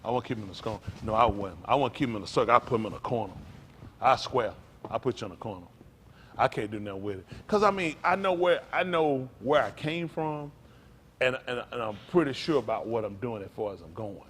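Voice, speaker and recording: Preaching with an expressive, brisk voice, a pastor talks straight to his congregation, calls out to them, and keeps repeating phrases. His delivery is conversational and shifts from low murmurs to loud raised lines. A slight hiss or hum sits under the audio.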